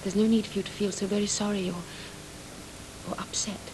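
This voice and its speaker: An actress playing a proud, mocking young woman in mourning who swings between hushed and sharp speech in a 1980 television stage drama. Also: medium pitch, little pitch movement, a little fast, natural voice. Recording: hissy old tape recording.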